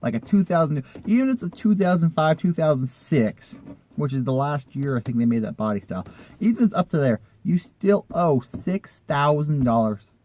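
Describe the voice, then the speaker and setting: Man, casual vlog storytelling, rambling, conversational, mellow tone. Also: a little high, animated, moderate pace. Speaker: vlogger telling a personal story.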